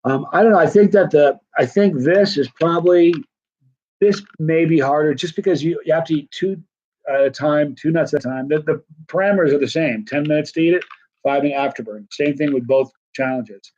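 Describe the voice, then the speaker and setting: A man's voice: on the high side, fairly quick, a little mellow, lo-fi sound, slight background noise. Chatty man hosting a live stream. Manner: rambling, full of restarts and fillers, chatty. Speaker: hot-pepper challenge channel host. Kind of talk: casual live-stream chat reading viewer comments.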